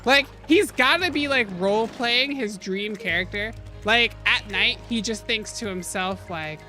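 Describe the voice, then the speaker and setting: Bright, animated woman streamer. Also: medium pitch, a little slow, few pauses, faint music behind. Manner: animated, exclaims and laughs often, jokes with chat. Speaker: streamer playing a video game. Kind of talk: live gaming commentary.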